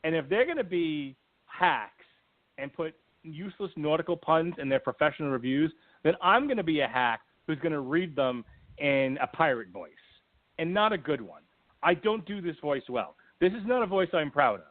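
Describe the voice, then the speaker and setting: A man's voice: on the high side, animated, normal speed, no echo. A man hosting a film review podcast, speaking in a wry, explanatory way with many fillers. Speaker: podcast host. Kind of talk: casual review chat. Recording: tinny phone-like line, dry.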